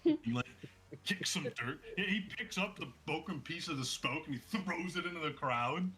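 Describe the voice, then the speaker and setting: A man with a husky voice narrating a tabletop game as game master, lively and laughing often. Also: on the high side, normal speed.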